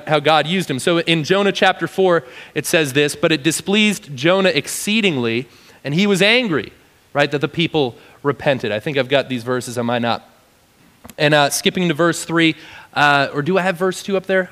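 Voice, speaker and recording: Animated young-sounding pastor, bright voice. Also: male voice, fairly high pitch. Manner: animated, acts out quoted voices, lots of "like". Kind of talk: casual sermon.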